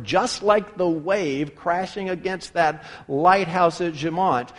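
Male pastor preaching an earnest sermon with deliberate pauses, bright high voice, recorded in a church with lingering reverb. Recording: long hall reverb.

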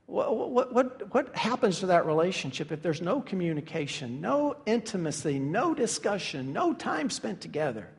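A man's voice: high voice, sing-song, moderate pace, vocal fry, few pauses, big-room sound. A man preaching a sermon as pastor, earnest and building to emphatic peaks.

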